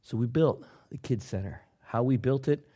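Pastor guy telling a story from the pulpit, mid pitch, goes quiet then loud. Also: normal speed, husky. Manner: dramatic, swinging from hushed to loud; conversational with fillers. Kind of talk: sermon storytelling.

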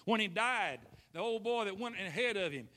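A man preaching a lively sermon, calling out to the congregation and acting out scripture scenes. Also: high-pitched, normal speed. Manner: animated, calls for responses, acts out scenes.

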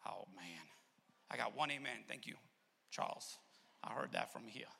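Gravelly preacher in an echoing church. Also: male voice, normal speed, a little hiss or hum. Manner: swings from loud shouted peaks to low intimate asides. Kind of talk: sermon. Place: church sanctuary. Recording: long reverb of a church hall.

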